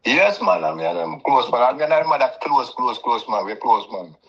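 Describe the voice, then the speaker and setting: A man's voice: medium pitch, expressive, moderate pace, creaky, fairly bright tone. A man with a Jamaican accent, a guest in a casual chat, rambling with lots of "yeah, man" fillers. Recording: dull lo-fi call audio.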